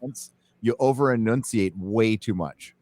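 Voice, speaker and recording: A man's voice: on the low side, moderate pace, darkish tone, no echo. An American man hosting a live-stream chat, talking in a blunt, rambling way with casual swearing. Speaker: host.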